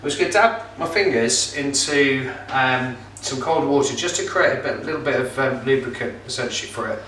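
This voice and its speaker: A man's voice: mid-range voice, brisk, fairly bright tone, a little hiss or hum. A middle-aged man presenting a casual cooking demonstration at home, chatty and jokey, with plenty of filler words. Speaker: pizza kit seller and presenter. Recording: roomy echo, mic some distance off.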